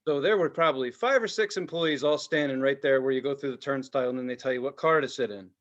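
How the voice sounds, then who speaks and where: A man's voice: mid-range voice, fast, muffled recording. A middle-aged man, a podcast co-host, telling a story in casual chat, heated and full of swearing. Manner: heated, profane, animated storytelling.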